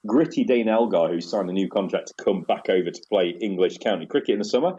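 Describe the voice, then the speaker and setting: A man hosting a casual cricket podcast, chatty and quick to laugh as he rolls through match scores. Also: fairly low pitch, warm tone, breathy edge, lo-fi sound. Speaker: podcast host.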